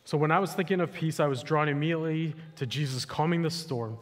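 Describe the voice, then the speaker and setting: A man's voice: on the high side, fast. A male pastor giving a sermon in a casual, conversational way, full of "like" and "you know", to a church. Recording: echoey hall with long reverb.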